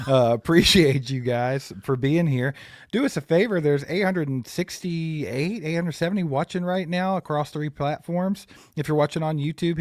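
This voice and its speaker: A man's voice: a little high, dry recording, clean studio sound. A man co-hosting a live sports fan stream, chatty and upbeat. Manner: upbeat, chatty, breaks into giggling fits. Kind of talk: casual live-stream chat.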